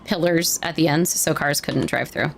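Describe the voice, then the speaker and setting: A woman's voice: low-pitched, moderate pace, creaky, a little hiss or hum. A woman in role-play as a town mayor, chatting and laughing easily, then addressing a town hall.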